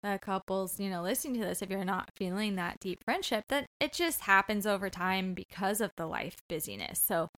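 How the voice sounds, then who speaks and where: Woman co-hosting a relaxed podcast. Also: medium pitch, a little fast, few pauses. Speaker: podcast co-host. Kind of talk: casual conversational podcast.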